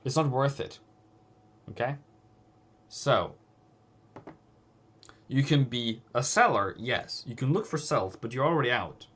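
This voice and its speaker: A man's voice: mid-range voice, animated, measured pace, pauses often, a bit bright, breathy edge. A man with Norwegian as his first language hosts a live trading stream. He scolds bluntly and repeats phrases for emphasis. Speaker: forex trading livestream host.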